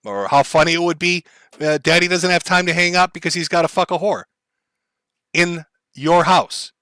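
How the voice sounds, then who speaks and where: A man's voice: on the high side, normal speed, pushed and bright, dry recording. A man commenting on a clip for his stream chat in a blunt, profane, lecturing way.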